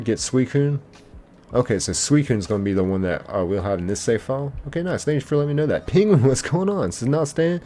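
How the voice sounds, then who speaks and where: A young man hosting a live game stream, chatting casually and reading out viewer comments. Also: mid-range voice. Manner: laid-back, chatty, greets viewers warmly by name. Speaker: livestream host.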